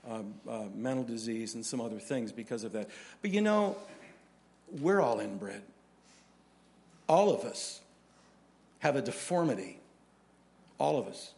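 A man preaching a sermon in a conversational, storytelling way, with animated delivery. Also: medium pitch. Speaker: pastor.

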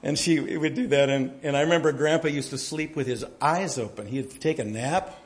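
A man preaching a sermon, telling folksy stories and jokes, his volume swinging from quiet to loud as he gets animated. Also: a little high, normal speed, few pauses. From United States. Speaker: pastor.

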